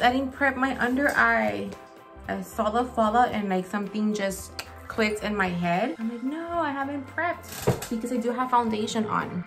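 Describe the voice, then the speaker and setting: A woman beauty vlogger chatting casually while doing her makeup at home, gushing and talkative, in a gravelly morning voice. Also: medium pitch. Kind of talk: casual makeup tutorial chat.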